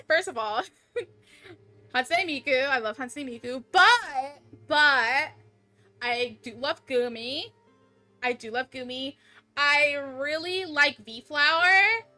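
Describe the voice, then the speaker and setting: A woman's voice: sits high, pushed and bright. A woman streaming games, chatting casually with a bubbly, squealing manner and lots of laughter, into a desk mic. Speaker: VTuber streamer. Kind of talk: casual live-stream chat.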